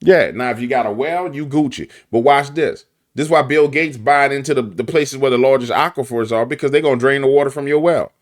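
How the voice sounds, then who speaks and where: A man with a New Orleans accent giving animated, preachy commentary full of slang and repetition. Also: medium pitch, brisk, few pauses. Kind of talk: conspiracy commentary.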